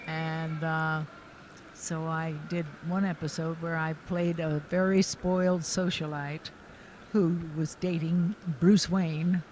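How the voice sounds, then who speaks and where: A woman's voice: sits low, level tone, slow pace, a little mellow, a little hiss or hum, low-quality recording. An older actress as an interview guest, telling stories in a chatty way, laughing often and restarting her sentences. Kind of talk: casual anecdotal storytelling. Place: convention floor.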